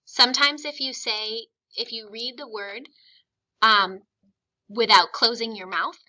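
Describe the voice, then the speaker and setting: A woman teaching phonics with a very bright, clear tone that sits a little high. She is patient and encouraging, and she stretches out each vowel sound slowly so the children can copy it. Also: fairly even intonation, poor audio. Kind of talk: classroom phonics lesson.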